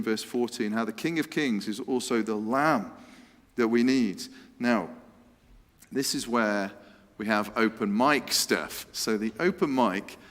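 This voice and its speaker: Preacher guy, playful and chatty, mid pitch, echoey church hall sound. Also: a bit bright. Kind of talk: lively church talk with a quiz. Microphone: handheld microphone.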